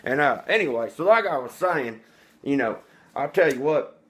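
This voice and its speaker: A brash redneck bragging straight into his vlog camera, as a man puts him on. He rambles from point to point, boasting crudely and calling himself by name in the third person. His voice sits at an ordinary middle pitch for a man. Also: lively intonation, moderate pace, natural voice. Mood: boastful. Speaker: vlogger. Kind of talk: comedic character monologue.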